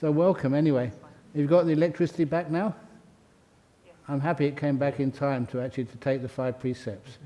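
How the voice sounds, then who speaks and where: In a meditation hall, a man leads a ceremony, reading names and welcoming each new member in a chatty, good-humoured way. He speaks slowly and warmly in a steady, mid-range voice, laughing between names.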